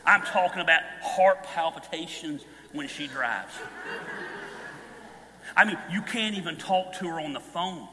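A man in his fifties preaching a sermon, telling stories with animated energy and bursts of shouting. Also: a little high, measured pace. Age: 50s. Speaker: pastor. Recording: long hall reverb.

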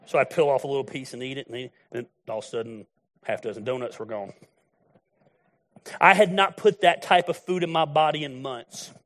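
A man's voice: mid-range voice, brisk, a bit bright. A middle-aged man preaching a sermon in a blunt, folksy, storytelling way. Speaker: pastor.

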